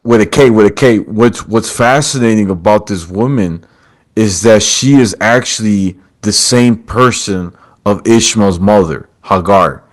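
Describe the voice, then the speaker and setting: A man's voice: fairly low pitch, measured pace. A man hosting a podcast over a video call, retelling a story with quoted lines and calling his guest brother. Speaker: podcast host. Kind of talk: casual storytelling chat.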